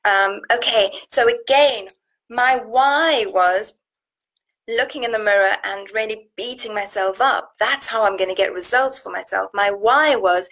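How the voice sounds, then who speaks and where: Reading viewer comments during a casual live stream, a South African nutrition coach chats earnestly, with plenty of fillers and restarts. She speaks a little slowly in a mid-range voice with a fairly bright tone. The recording is rough.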